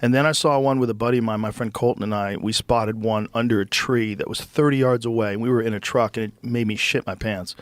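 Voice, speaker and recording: A man's voice: medium pitch, steady tone, fast, few pauses, dry recording. A man hosting a podcast, telling blunt stories in casual chat with plenty of swearing. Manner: blunt storytelling, frequent swearing. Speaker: podcast host. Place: podcast studio.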